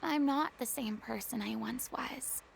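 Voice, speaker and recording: A woman's voice: high-pitched, measured pace, creaky, slight background noise, heavily acted. A woman voicing a proud, theatrical young female former goddess in a video game, speaking in a haughty, dramatic manner. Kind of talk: game dialogue.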